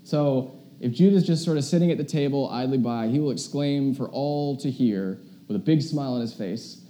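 A man's voice: mid-range voice, normal speed. A young man preaching a casual, chatty sermon, telling stories with lots of fillers. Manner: chatty, animated storytelling with many fillers. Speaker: pastor.

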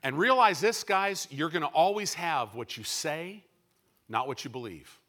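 Man, preacher, sermon, high voice, unhurried, loud bursts and quiet asides. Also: animated.

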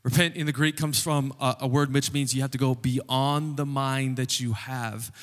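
A man's voice: mid-range voice, fairly even intonation, normal speed, in a large hall. A man preaching a sermon as pastor, conversational and joking with the congregation. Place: church sanctuary.

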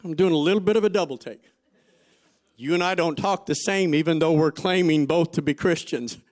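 Slightly high and a little fast, this pastor's voice swings from loud emphasis down to quiet asides. He preaches by throwing rhetorical questions at the congregation and recounting episodes from his own life.

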